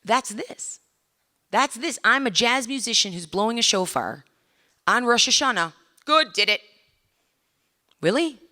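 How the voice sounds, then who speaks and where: A woman's voice: a little high, measured pace, pauses often. A middle-aged woman giving a conversational lecture to a live audience in a lecture room, putting questions to the listeners and acting out little scenes. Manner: animated, acts out little scenes.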